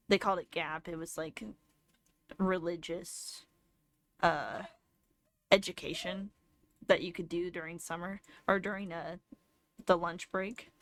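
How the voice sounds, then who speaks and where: A woman's voice: mid-range voice, no room sound. A woman in her twenties, a streamer, telling a long casual story with lots of fillers and self-corrections. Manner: rambling, lots of fillers and restarts.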